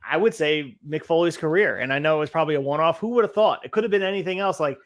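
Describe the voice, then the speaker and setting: A man's voice: fairly high pitch, very fast. A man hosting a podcast, recapping events casually and restarting his sentences while laughing along. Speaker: podcast host. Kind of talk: casual chat.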